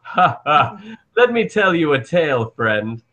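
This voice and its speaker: A man voicing an old male guardian who tells an ancient tale slowly and grandly. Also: a little high, very animated, pushed and bright, highs cut off, exaggerated voice. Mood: lofty.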